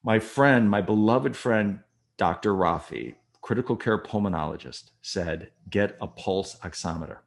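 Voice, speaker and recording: A man telling a personal story in an interview, earnest, and quick and agitated when reliving tense moments. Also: fairly low pitch, lively intonation, creaky. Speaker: guest recounting a personal experience.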